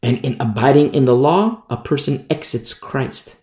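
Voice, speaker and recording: A man's voice: medium pitch, lively intonation, moderate pace, dark tone, roomy sound. A man preaching a sermon as a pastor, emphatic and repetitive, sometimes mocking the voices of hypocrites.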